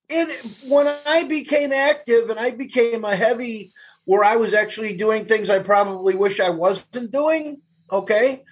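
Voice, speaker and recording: Laughing his way through profane, no-nonsense anecdotes, this interview guest speaks a little slowly in a husky voice that sits high. The candid storytelling is captured in a low-quality recording.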